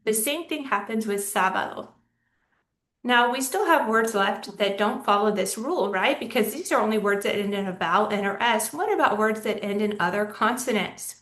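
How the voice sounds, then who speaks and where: A woman's voice: mid-range voice, animated, moderate pace, fairly bright tone, recorded from a distance. Woman teaching a lesson, echoey room. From Texas, US. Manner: patient, explains step by step with examples. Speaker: Spanish teacher. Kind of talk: recorded lesson.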